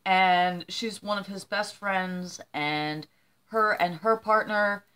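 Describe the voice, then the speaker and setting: An older woman chatting casually to camera as a vlogger, rambling warmly through shout-outs and tearing up as she talks. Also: medium pitch, fairly even intonation, slow, smooth. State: teary.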